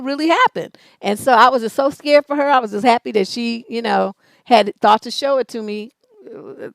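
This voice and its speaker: A woman's voice: on the high side, creaky, dry recording. Blunt, profane woman talk-show host. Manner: blunt, profane, animated storytelling with laughs. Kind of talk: live advice show, storytelling and reading questions.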